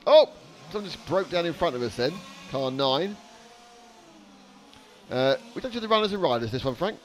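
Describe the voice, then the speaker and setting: A man's voice: fairly high pitch, expressive, normal speed, slight background noise. A man giving live trackside race commentary with dry, sarcastic humor.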